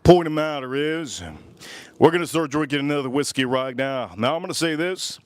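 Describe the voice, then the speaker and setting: A man's voice: on the high side, normal speed, clean tone, no echo. Rambling American man hosting a live stream. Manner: rambling, repeats himself, many fillers. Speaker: livestream host. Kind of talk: casual live stream chat. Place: outdoors at a backyard grill.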